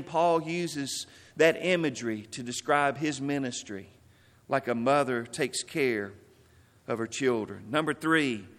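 A man preaching a sermon as pastor, telling stories and stressing words, then dropping softly. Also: on the high side, in a large hall.

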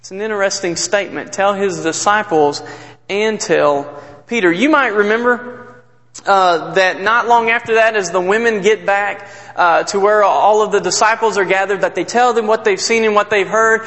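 A man preaching a sermon, retelling scripture with earnest, emphatic storytelling that drops low and soft at sad moments. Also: moderate pace. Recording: long hall reverb.

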